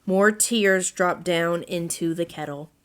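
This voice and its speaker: Slow, gentle woman reading a storybook. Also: on the low side, smooth. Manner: slow, gentle read-aloud narration. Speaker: children's story reader.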